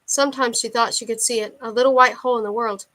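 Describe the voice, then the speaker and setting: A woman's voice: fairly high pitch, fairly even intonation, fast talker, bright, forceful tone. Woman reading a novel aloud. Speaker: audiobook reader.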